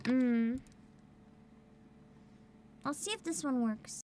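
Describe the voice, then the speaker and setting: A woman's voice: high voice, very slow, a little mellow, a little hiss or hum. A woman streamer chatting casually and rambling, laughing often as she talks. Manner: giggly, rambling, frequent laughter. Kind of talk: casual livestream chat.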